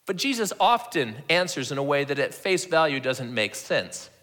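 A man's voice: a little high, sing-song, moderate pace, bright, forceful tone. A man preaching a conversational sermon that reads scripture and acts out its dialogue, often repeating words as he restarts a thought. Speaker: pastor.

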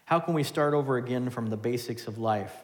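A man preaching a sermon as pastor, animated, swinging between loud and hushed. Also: medium pitch, fairly quick. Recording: long hall reverb.

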